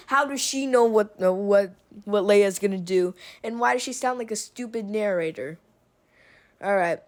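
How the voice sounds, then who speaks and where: Woman ranting casually, sarcastic and exasperated, talks slow. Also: mid-range voice. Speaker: video essayist. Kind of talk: opinionated casual film rant.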